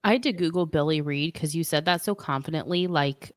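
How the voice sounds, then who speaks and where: Female podcast co-host, lower voice, dry close mic, chatty and playfully defensive. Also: a little fast, no echo. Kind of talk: casual podcast banter.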